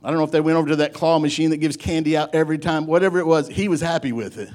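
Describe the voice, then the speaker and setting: A man preaching a sermon, telling a folksy story in an animated way and often breaking off to restart his sentences. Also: on the high side, rapid-fire. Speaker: pastor.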